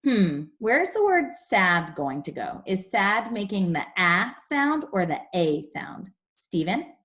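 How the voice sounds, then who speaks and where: A young woman teaching a phonics lesson to young children over a video call, explaining slowly and clearly. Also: mid-range voice, very animated, fairly bright tone. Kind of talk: online class phonics lesson.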